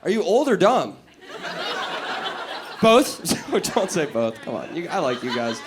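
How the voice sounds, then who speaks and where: A man's voice: fairly high pitch, big pitch swings, slow. A man from New York City doing stand-up crowd work on a comedy club stage, brash, profane and teasing the audience. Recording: noisy live club recording.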